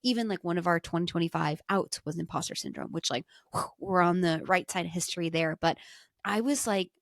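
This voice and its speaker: A woman's voice: on the low side, brisk, dry recording, clean studio sound. A young woman co-hosting a podcast, chatting casually and enthusiastically with lots of fillers. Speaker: podcast co-host. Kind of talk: casual chat.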